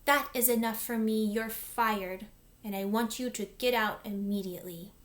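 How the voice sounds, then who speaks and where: A woman's voice: a little high, normal speed, natural voice. A woman voicing a hysterical, melodramatic rich mother who screams shrilly.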